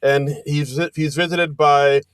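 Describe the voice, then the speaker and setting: A man's voice: a little high, fairly even intonation, takes it slowly, smooth, no echo, studio quality. A man co-hosting a comedy podcast, chatting casually and joking around. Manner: jokey, puts on bad British accent. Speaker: podcast co-host.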